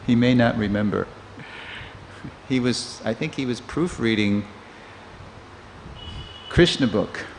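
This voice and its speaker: A man in his sixties giving a storytelling scripture class in a temple, a lively teller who acts out the people he quotes. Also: medium pitch, slow pace, pauses often. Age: 60s. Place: temple hall. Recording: long reverb of a hall, faint noise.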